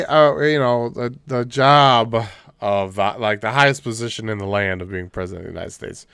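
A man co-hosting a podcast in casual chat, animated and full of "like", acting out quotes in funny voices. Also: medium pitch, moderate pace, clean tone, dry recording. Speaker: podcast co-host.

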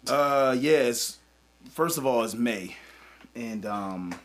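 A man's voice: lively intonation, slow. Teasing young man hosting a podcast. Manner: teasing, drops low when announcing. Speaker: podcast co-host. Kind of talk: casual chat.

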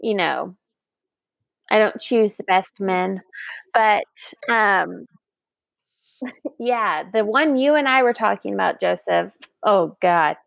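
A woman in her thirties casually telling a dating story, animated and acting out the other voices. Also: mid-range voice, slow, vocal fry, pauses often, dry recording.

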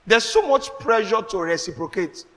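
A man with a Nigerian accent, preaching a sermon as pastor, animated, slipping into pidgin asides and laughing. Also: sits high, moderate pace, big-room sound. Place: church.

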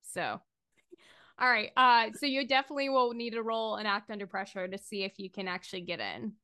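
A woman running a tabletop horror game as game master, narrating with animated, giggly energy. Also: medium pitch, brisk, smooth.

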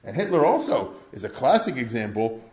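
A man's voice: medium pitch, sing-song, brisk, darkish tone. An older man giving an informal history lecture, conversational and full of rhetorical questions. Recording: echoey room.

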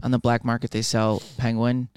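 A man, a comedian co-hosting a podcast, teasing fast and stumbling over his words in crude banter. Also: mid-range voice, monotone, darkish tone, clean tone, dry recording, clean studio sound.

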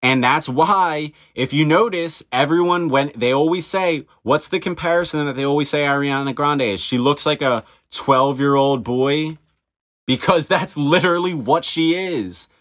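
A man's voice: on the high side, normal speed, few pauses, fairly bright tone. Insistent man hosting a solo podcast. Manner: insistent and repetitive, firing rhetorical questions. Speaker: podcast host. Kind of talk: solo monologue.

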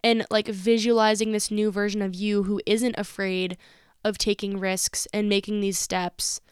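A woman's voice: mid-range voice, level tone, unhurried, clear, resonant tone, no echo, studio quality. A young woman hosting a podcast, giving candid, motivational advice in casual slangy talk. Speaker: podcast host.

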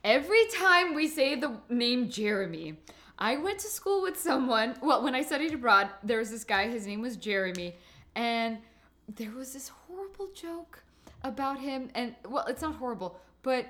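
A woman's voice: on the high side, lively intonation, normal speed, fairly bright tone. A woman co-hosting a podcast, chatting casually and laughing as she tells stories. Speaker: podcast co-host. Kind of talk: casual chat.

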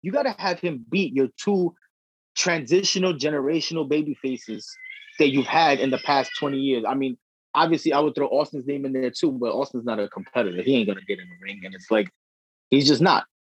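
A husky young man riffs on wrestling with a podcast co-host, cursing and tossing out slang as he gets worked up. His voice sits at a middle pitch and comes through dry and a little muffled, like a lo-fi recording. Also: brisk, no room sound. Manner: profane, slangy, excitable. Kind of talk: casual wrestling chat. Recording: dry dull lo-fi audio.

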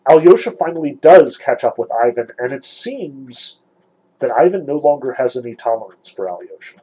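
A man with a husky, slightly rough voice gives a literature lecture. His pitch sits at an ordinary middle level, and he explains each scene in a measured, thoughtful way. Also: lively intonation, dark tone, low-quality recording. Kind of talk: lecture with dramatic read-aloud passages.

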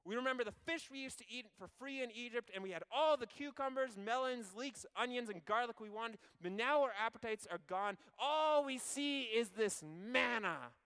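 A man's voice: very high-pitched, big pitch swings, fairly quick, few pauses, sharp tone, long reverb tail, voice pushed up, exaggerated voice, rough recording. A man voicing a group of whiny, complaining ancient Israelites in an exaggerated whining manner.

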